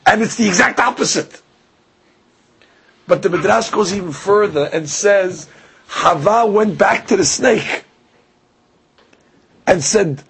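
Man, religious lecture, gravelly, very husky, animated storytelling. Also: a little high, measured pace, long pauses, poor audio. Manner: animated storytelling, acting out dialogue in quotes. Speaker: Torah teacher.

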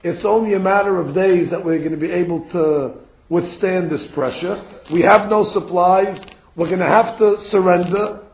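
A man's voice: sits high, moderate pace. A man voicing Russian army officers who gossip in a bar, in a roomy, dull recording. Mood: worried. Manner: incredulous, chatty.

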